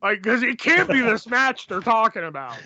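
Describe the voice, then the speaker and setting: A man's voice: very high voice, very animated, moderate pace, bright, forceful tone, highs cut off, a little hiss or hum. A man co-hosting a podcast in casual chat, sarcastic and profane, often laughing. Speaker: podcast co-host.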